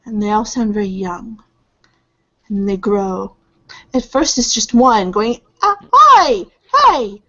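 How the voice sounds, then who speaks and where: A woman's voice: medium pitch, fairly even intonation, unhurried, long pauses. A woman narrating a tabletop game as game master, describing scenes vividly and mimicking sounds. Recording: dull lo-fi recording.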